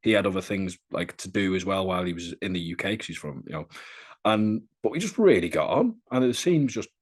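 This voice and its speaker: A young man talking casually as a podcast guest, telling stories in a lively, chatty way. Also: low-pitched, fairly quick, husky. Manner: lively, chatty storyteller, often laughing. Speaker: interviewee.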